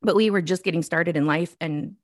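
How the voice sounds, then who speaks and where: Lowish voiced woman in her 40s, chatty, bit out of breath, laughs a lot, dry sound. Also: fairly quick, no room sound. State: a little out of breath. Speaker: podcast co-host. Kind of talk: casual faith podcast chat.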